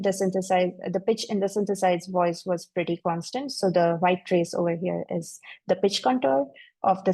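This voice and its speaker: A woman researcher giving a technical webinar presentation, walking through her slides in a measured, explanatory way over a video call mic. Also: fairly low pitch, gravelly, warm tone, no echo, poor audio.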